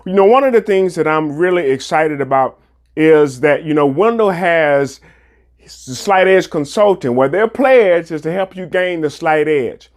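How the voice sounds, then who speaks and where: A man hosting a podcast, his voice a bit higher than most men's. He talks in a casual, enthusiastic way, often affirming his guest. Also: lively intonation, a little slow. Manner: enthusiastic, affirming with short interjections. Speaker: podcast host.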